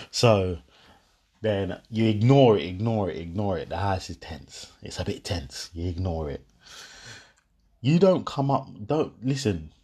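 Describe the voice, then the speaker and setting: A young man, talking casually to his viewers and telling a story with laughter, acting out both sides of an argument. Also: low voice. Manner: animated storytelling, half-laughing, acts out both sides of a row.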